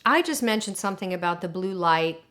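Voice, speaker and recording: A woman in a documentary interview, telling a personal story in an animated, emotional way with lots of fillers. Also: fairly low pitch, a little fast. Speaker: interviewee recounting alien contact.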